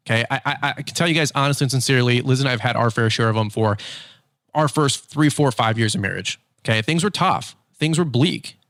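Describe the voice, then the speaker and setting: Casting: male podcast host, emphatic and confessional, middle pitch, dry close sound. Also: fairly bright tone, no room sound. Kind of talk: candid business podcast monologue.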